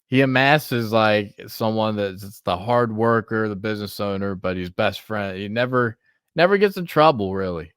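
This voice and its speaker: A man's voice: fairly low pitch, lively intonation, normal speed, a bit bright, smooth, no room sound, studio quality. A man hosting a podcast in casual chat, laughing often and swearing freely. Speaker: podcast host.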